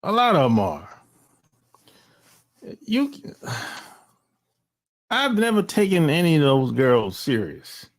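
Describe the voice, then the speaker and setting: A middle-aged man gives a blunt, unscripted opinion monologue, full of slang and swearing. He talks slowly and pauses often, sighing and restarting his sentences. His pitch sits a little high and swings widely. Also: sing-song. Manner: rambling, blunt, with slang and profanity; frequent sighs and restarts. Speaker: channel host.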